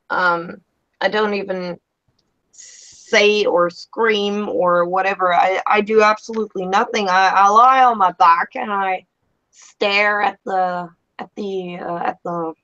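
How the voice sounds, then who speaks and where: A woman playing a tabletop role-play game, describing her character in a halting, dreamy way with many restarts. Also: mid-range voice, fairly even intonation, sharp tone, dull audio. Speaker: player.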